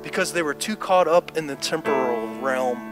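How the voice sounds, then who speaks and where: This preacher, fairly high in pitch and speaking at normal speed, gives a sermon followed by a closing prayer at a church service. Music plays under him as he grows impassioned and repetitive, working up to declarations.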